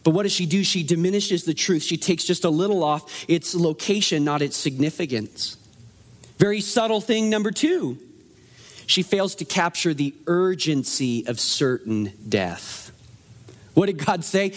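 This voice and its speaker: A man preaching a sermon in a conversational, animated way, asking the room rhetorical questions. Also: fairly high pitch, measured pace. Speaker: pastor.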